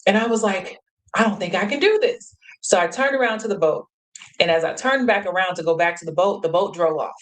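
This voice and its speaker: Female host, casual motivational storyteller, lively, laughs a lot, acts out quotes. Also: mid-range voice, brisk, rough recording.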